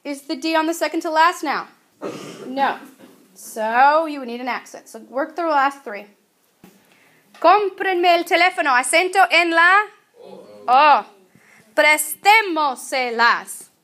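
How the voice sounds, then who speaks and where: A woman teaching a Spanish grammar lesson in a chatty, patient way. She draws out her example words slowly. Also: sits high, a bit bright. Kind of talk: recorded classroom grammar lesson.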